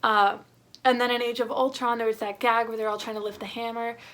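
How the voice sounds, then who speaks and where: Woman, higher-pitched, excitable fan reviewer; casual, gushing delivery. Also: a little fast. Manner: gushing, excitable, full of fillers. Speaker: film reviewer.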